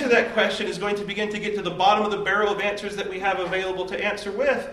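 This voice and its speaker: A man's voice: high voice, little pitch movement, racing, few pauses, bright, forceful tone, distant mic. Emphatic man preaching in an echoey room. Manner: earnest, emphatic preaching with rhetorical questions. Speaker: pastor. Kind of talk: devotional sermon.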